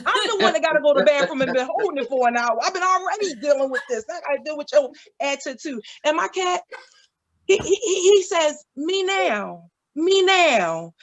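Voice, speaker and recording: Animated, high-voiced woman doing stand-up. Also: quick pace. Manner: animated, playful storytelling with acted-out quotes. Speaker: stand-up comedian. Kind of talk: stand-up comedy.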